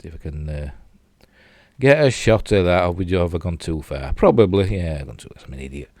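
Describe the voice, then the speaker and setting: A man's voice: sits low, animated, a little fast, a little mellow, no room sound, clean studio sound. An older man with a Yorkshire accent casually reviewing a TV episode, rambling with fillers and self-mocking asides while he replays clips. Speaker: TV show reviewer.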